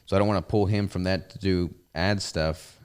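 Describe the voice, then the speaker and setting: A man with a Southern US accent talks in an easygoing, rambling way, full of fillers. His voice sits very low and sounds smooth and resonant. He chats casually as a podcast host. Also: fairly even intonation, normal speed, a little mellow. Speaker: podcast host and business owner. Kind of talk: casual chat.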